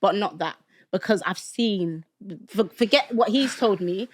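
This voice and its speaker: A woman, a podcast guest telling a personal story in animated casual chat, often checking that her listeners follow her. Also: mid-range voice, measured pace, background noise. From London, England. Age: 30s. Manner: animated storytelling, keeps asking "do you get what I mean?".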